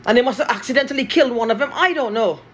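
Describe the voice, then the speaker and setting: A woman's voice: on the high side, very fast, husky. A woman from Guyana, talking in an angry, profane monologue and repeating herself.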